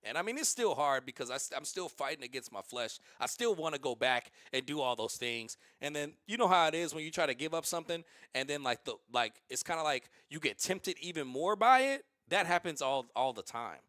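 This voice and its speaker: A man streaming and telling stories in a casual, rambling, animated way, with many restarts. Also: on the high side, fairly quick, hardly any pauses, dry recording, clean studio sound. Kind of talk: casual livestream storytelling.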